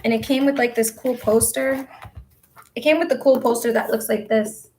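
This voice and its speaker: A talkative woman with a slightly high voice, chatting loosely to her viewers as she sorts through her things. Her talk rambles from one thought to the next, and she stops now and then to answer comments from the audience. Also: steady tone, normal speed, darkish tone, a little hiss or hum. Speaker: vlogger and spiritual coach. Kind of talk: casual chat to viewers while tidying.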